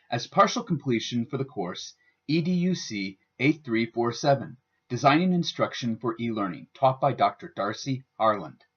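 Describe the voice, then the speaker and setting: A man giving a scripted instructional narration as a student presenter, with a careful, deliberate teaching delivery. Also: medium pitch, slightly rough. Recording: dull lo-fi voice-over.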